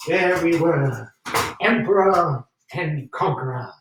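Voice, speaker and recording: A man's voice: on the high side, takes it slowly, recorded from a distance, noisy background. A man playing a brash British officer, echoey stage. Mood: boastful. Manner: theatrical, with swings between exasperation and boastful narration. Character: brash, scheming British officer, narrating his own exploits. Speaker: solo stage performer. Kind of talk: one-man theater monologue. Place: theater stage.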